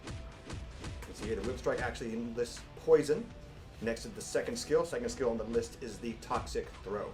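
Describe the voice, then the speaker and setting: A man co-hosting a game update livestream, briskly walking through a character's skills in a playful in-character way. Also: medium pitch, a little mellow, soft background music. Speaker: livestream co-host. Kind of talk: scripted in-character livestream presenting.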